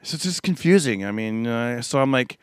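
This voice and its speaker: A man's voice: mid-range voice, fairly quick, clean tone, dry recording, studio quality. A man in his thirties chatting casually, telling rambling family stories and acting out his son's lines. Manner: rambling, animated storyteller who acts out his son. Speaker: podcast guest. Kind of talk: casual chat.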